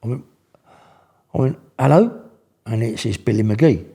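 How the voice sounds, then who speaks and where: A man's voice: fairly low pitch, fairly even intonation, moderate pace, dark tone, slightly rough. An older man, telling stories in casual, slangy speech with many restarts. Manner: rambling, slangy, full of restarts. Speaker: guest. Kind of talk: casual storytelling.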